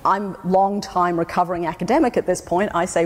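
A keynote speaker from Australia, a woman of medium pitch, talks quickly with few pauses, offering wry stories and acting out other voices in a comic conference talk. The recording has long hall reverb and a slight hiss or hum.

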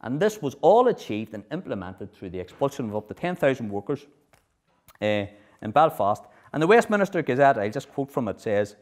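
A middle-aged man giving a history lecture, lively, often checking in with his audience. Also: medium pitch, brisk. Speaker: speaker at a political history festival.

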